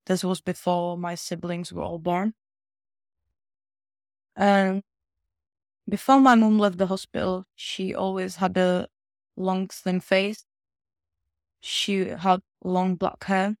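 A woman earnestly telling a childhood story for the first time, in a careful, measured way. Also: on the low side, little pitch movement, dry recording, clean studio sound. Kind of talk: personal storytelling.

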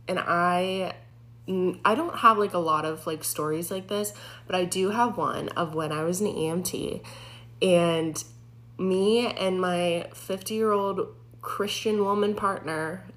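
Picture a young woman, a former emergency medic, recounting a frightening night on the job. Her voice sits a little low for a woman, and her casual telling is animated and packed with "like" fillers. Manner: animated, heavy use of "like" fillers. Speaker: former EMT telling a true story. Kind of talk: casual spoken storytelling.

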